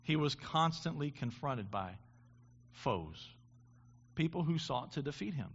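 A man preaching a sermon in a fairly high voice. He talks in halting restarts and builds to impassioned peaks. The recording sounds dull and lo-fi. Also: expressive, slightly rough. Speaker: pastor.

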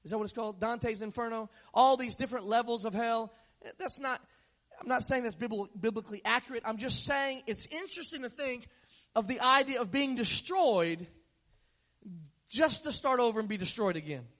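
Very high-voiced preacher man. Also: moderate pace, a bit bright. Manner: conversational, joking storyteller. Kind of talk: sermon.

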